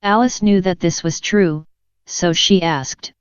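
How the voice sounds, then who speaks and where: A woman narrates a classic children's story in an even, measured way. Her voice is very clear and a little low. The recording is dry and slightly muffled. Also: dry recording. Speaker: audiobook narrator. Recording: dry, dull lo-fi sound.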